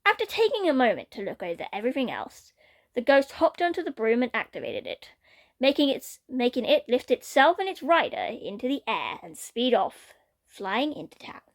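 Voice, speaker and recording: A woman reading a fan-written story aloud in an expressive way. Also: sits high, moderate pace.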